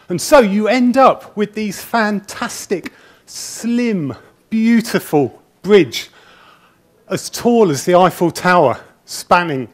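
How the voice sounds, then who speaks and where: A man in a slightly higher register than most men delivers a conference talk from an auditorium stage, speaking into a handheld mic. He sounds a little nervous, chatty and self-deprecating, and often restarts his sentences as he tells his stories. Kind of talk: conference presentation, anecdotal storytelling.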